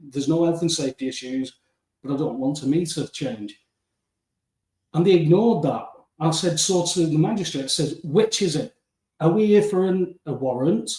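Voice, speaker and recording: Man in a roomy, distant recording. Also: a little high. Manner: animated storytelling, acting out dialogue, often addressing the host by name. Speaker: guest. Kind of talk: storytelling in a casual interview.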